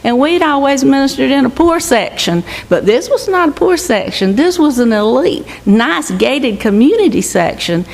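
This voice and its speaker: An older woman reports to her church on a mission trip, giving an earnest, exhorting testimony in the sanctuary. Her voice is on the high side and creaky, with lively intonation, normal speed, and hardly any pauses. The echoey hall adds a faint hiss.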